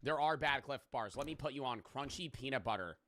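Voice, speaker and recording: A man's voice: mid-range voice, expressive, fairly quick, sharp tone, no echo. A young man in casual live-stream reaction chat who rambles, jokes and swears freely.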